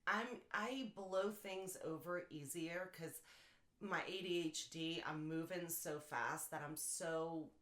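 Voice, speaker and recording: A woman's voice: low-pitched, steady tone, takes it slowly, fairly bright tone. Chatty woman in an echoey room. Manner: chatty, laughs often. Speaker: podcast co-host. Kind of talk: casual chat.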